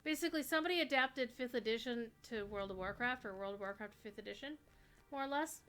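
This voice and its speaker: A woman livestreaming a game, chatting in a rambling way with sudden excited outbursts. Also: fairly high pitch, quick pace. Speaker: livestreaming gamer. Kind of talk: casual chat while playing a game.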